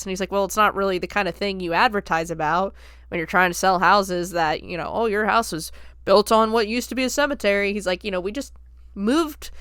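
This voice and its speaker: In studio-quality audio with no echo, a podcast host reviews a film by walking casually through it scene by scene. She laughs a lot and acts out any line she quotes, speaking at a medium pitch in a smooth, slightly bright voice.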